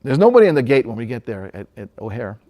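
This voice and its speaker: A man from Hawaii telling a personal story in a relaxed, conversational way, pausing often and chuckling now and then. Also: mid-range voice.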